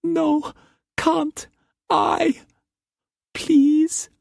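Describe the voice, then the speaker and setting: A man voicing a frightened, fragile young woman who speaks in halting, tearful phrases in an audiobook. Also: extremely high pitch, flat delivery, creaky, dry recording, clean studio sound, voice pushed up, exaggerated voice. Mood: pleading.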